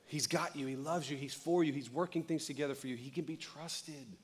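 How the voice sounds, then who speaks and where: A middle-aged man preaching with a slightly higher voice than most men. He keeps it conversational and joking, and slips into quick little voices to act out what people say. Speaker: pastor. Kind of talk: sermon.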